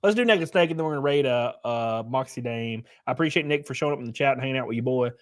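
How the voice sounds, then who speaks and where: A man's voice: medium pitch, fast. A man streaming live, chatting casually and crudely, joking around and thanking chat members by name.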